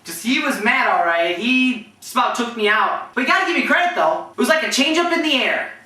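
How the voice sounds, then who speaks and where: Bright-voiced man telling anecdotes, echoey. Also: extremely high pitch, a little fast. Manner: animated storytelling, acting out quotes with restarts. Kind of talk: casual anecdotes. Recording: echoey room, distant from mic.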